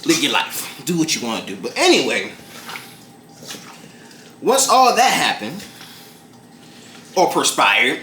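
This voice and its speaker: Young male cooking vlogger, slightly high voice, rambling and profane, echoey kitchen with faint music behind. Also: huge pitch swings, slow pace, long pauses, pushed and bright, slight background noise. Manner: rambling, profane, fillers like "like" and "bruh". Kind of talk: casual cooking vlog with storytelling. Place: home kitchen. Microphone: camera mic. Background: background music.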